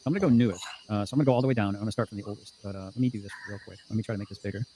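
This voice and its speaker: A man hosting a casual livestream, reading viewer comments aloud in a fast, profane and combative way. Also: lowish voice, mellow, slight background noise. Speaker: livestream host.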